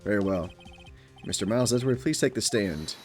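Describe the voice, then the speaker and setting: A man's voice: on the low side, expressive, a little fast, a little mellow, faint music behind, voice pushed down, close to an everyday voice. A man voicing a timid older judge who speaks in a formal, hesitant way.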